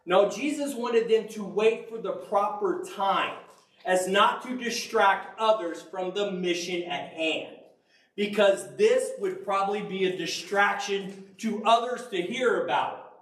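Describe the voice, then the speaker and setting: High-voiced, slow man preaching casually. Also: a bit bright, roomy sound, distant mic, rough recording. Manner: casual, jokey, storytelling. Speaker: faith podcast speaker. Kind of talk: conversational sermon.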